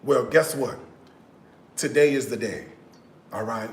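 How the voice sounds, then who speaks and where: A man hosting a cooking livestream from his home kitchen, chatting straight to his viewers in a casual, animated way, often dropping to a hushed, half-sung tone. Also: medium pitch, unhurried, long pauses, echoey room, slight background noise. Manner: slips into hushed, half-sung tones now and then.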